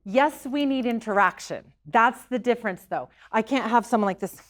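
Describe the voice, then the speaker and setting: A woman's voice: on the high side, moderate pace. A middle-aged woman giving an earnest talk to a local group, telling stories and sometimes repeating herself. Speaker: psychic medium giving a talk.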